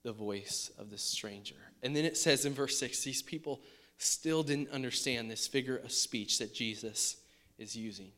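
A man preaching a sermon in a conversational way, often asking his listeners questions. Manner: puts on a high excited dog-talk voice at times. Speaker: pastor.

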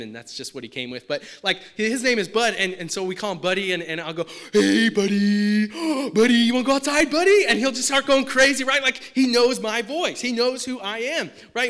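A man preaching a sermon in a conversational way, often asking his listeners questions. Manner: puts on a high excited dog-talk voice at times. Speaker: pastor.

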